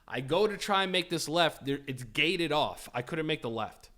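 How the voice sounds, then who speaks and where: With a fairly high voice at a moderate pace, this Florida man co-hosts a podcast and spins a story in loose conversation. He's animated and profane, voicing the characters in his tale.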